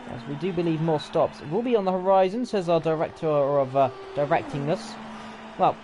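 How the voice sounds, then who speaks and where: A man's voice: a little high, normal speed. Chatty man calling a sim race. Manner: chatty, often unsure, corrects himself mid-call. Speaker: race commentator. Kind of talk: live sim racing commentary. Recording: game engine noise loud behind voice. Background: racing game car engines.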